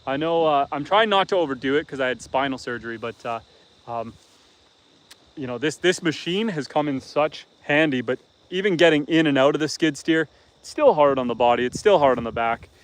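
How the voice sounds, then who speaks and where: Easygoing Canadian homesteader chatting outdoors. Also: male voice, a little high, expressive, fairly quick, rough recording. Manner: easygoing, chatty, teasing viewers. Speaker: homestead livestreamer. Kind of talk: casual live-stream chat reading viewer comments. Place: outdoors on a farm with animals.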